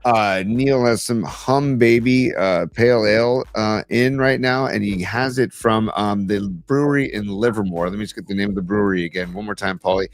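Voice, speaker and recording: A man co-hosting a podcast, chatting casually and enthusiastically, reading sponsor plugs and listener shout-outs. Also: lowish voice, moderate pace, few pauses. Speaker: podcast co-host.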